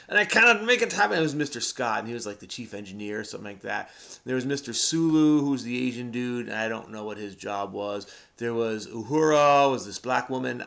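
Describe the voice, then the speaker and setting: A man's voice: mid-range voice, vocal fry, bright, forceful tone. A middle-aged man hosting a crossword video, thinking aloud as he solves and rambling in a frenetic, self-mocking way.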